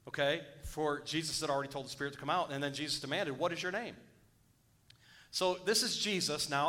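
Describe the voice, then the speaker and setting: A fairly high, bright, forceful male voice delivers a sermon. The pastor reads scripture aloud and breaks off to exhort his hearers, rising into urgent exhortation.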